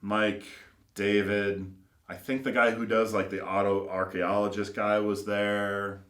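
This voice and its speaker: Brief: man, low voice, car builder spinning loose anecdotes, lots of "like", roomy echo. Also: flat delivery, measured pace, a bit bright. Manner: rambling, filler-heavy, acts out quoted voices. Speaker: custom car builder and shop owner. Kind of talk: casual anecdotal storytelling.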